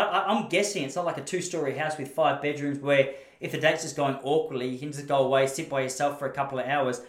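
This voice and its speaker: Fast-talking Australian man telling stories. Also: a little high. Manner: chatty, rambling, self-deprecating. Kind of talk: casual storytelling monologue. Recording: roomy echo.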